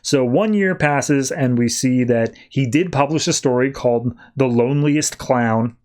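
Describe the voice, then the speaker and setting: A man hosting a podcast, casually recapping a comic book story with animated storytelling and quoted lines. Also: mid-range voice, unhurried. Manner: animated storytelling, quoting characters. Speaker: podcast host.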